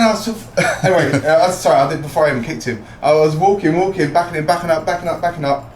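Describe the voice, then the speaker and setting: Animated British man telling a fight story. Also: high-pitched, quick pace, crowd noise. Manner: swears freely, acts out quotes. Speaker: podcast guest, fighter. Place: podcast studio. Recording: roomy echo.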